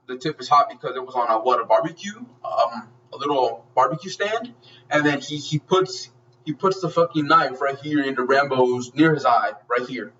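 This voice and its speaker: A man's voice: medium pitch, bright, forceful tone, far from the mic, lo-fi sound, slight background noise. A man giving a casual spoken movie review, gushing and swearing freely as he rambles through the plot with many restarts.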